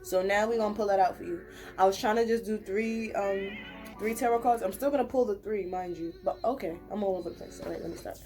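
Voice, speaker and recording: A woman's voice: mid-range voice, quick pace, dark tone, faint music behind. Chatty young woman reading tarot. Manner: chatty, rambling, earnest and reassuring. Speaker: tarot reader. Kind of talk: casual pick-a-card tarot reading to camera.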